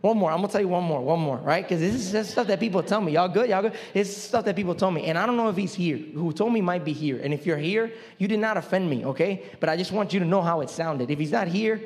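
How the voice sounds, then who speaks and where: A young man preaching a sermon as pastor, in a joking, animated, conversational way. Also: high voice, fast talker, few pauses.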